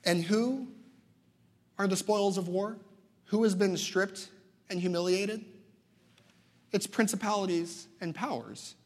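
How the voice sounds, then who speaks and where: A young man preaches from the pulpit, telling stories with lively emphasis and a slightly high voice. His words ring out with a long hall reverb behind them. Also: slow pace, pauses often. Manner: animated storytelling preacher. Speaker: pastor. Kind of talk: sermon.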